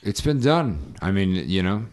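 A man's voice: low-pitched, big pitch swings, a little mellow. A man co-hosting a podcast in casual chat, answering drily and bluntly. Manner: dry, blunt, quick to dismiss. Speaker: podcast co-host.

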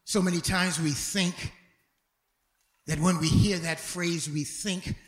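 A man preaching a sermon as pastor, dramatic, swinging from loud shouts to hushed tones and stumbling over repeated words. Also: high voice, steady tone, slow, reverberant.

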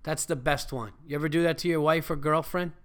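A man's voice: fairly high pitch, fairly even intonation, a little fast, a bit bright. A man hosting his own podcast, talking alone in a loose, profane, rambling and jokey way. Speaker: podcast host. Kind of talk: casual solo podcast monologue.

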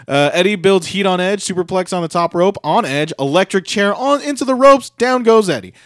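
Lively higher-voiced man recapping wrestling. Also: a little fast, no echo, studio quality. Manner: lively play-by-play, rising loudly on big moves. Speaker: podcast co-host recapping a wrestling match. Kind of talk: casual chat with play-by-play recap.

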